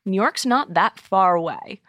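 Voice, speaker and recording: A woman's voice: mid-range voice, animated, unhurried, a bit bright, dry recording, studio quality. A young adult woman from Massachusetts, telling her story in a casual interview, with lots of "you know" and "um". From Massachusetts, USA. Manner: chatty, full of fillers like "you know" and "um". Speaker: interview guest, wine buyer.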